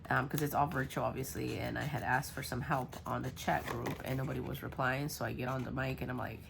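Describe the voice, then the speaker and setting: A woman with a rumbling low voice and vocal fry talks briskly and in a steady tone over a noisy background. She chats casually as she crafts a journal, rambling and muttering through lots of ums while she works. Being sick has left her voice worn and congested.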